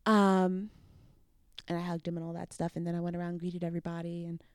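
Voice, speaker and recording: A young woman, a guest on an interview show, telling a story casually and acting out what people said with big swings in pitch. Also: fast talker, clear, resonant tone, no room sound, clean studio sound. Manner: animated, acts out quotes with big jumps in pitch.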